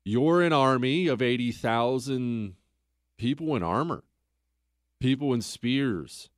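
Recorded dry in a clean studio, a male podcast host speaks slowly at a medium pitch with lively intonation. He recounts history conversationally and casually, asking plenty of rhetorical questions.

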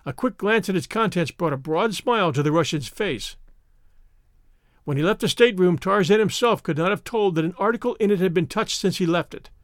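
A man narrating an adventure novel in an expressive, theatrical reading. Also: high voice, brisk, no room sound, studio quality. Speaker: audiobook narrator. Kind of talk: scripted narration.

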